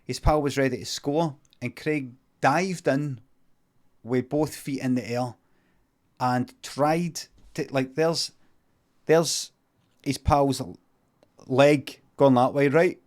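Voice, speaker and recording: A man with a Scottish accent improvising a comic story in a deadpan, rambling, sweary way. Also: mid-range voice, takes it slowly, long pauses. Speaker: comedian streamer.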